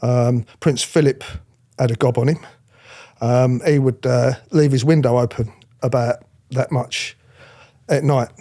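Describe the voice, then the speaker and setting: A middle-aged man, formerly a royal protection officer, speaks a little slowly in a mid-range voice, pausing often. Telling blunt stories in a candid interview, he is animated, swears freely, and mimics the people he mentions.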